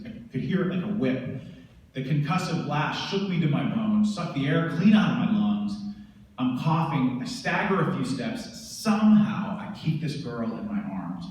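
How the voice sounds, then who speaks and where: A man's voice: medium pitch, a little mellow, recorded from a distance, slight background noise. A man from the United States, a veteran speaker, intensely and vividly retelling a personal story. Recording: roomy hall from afar.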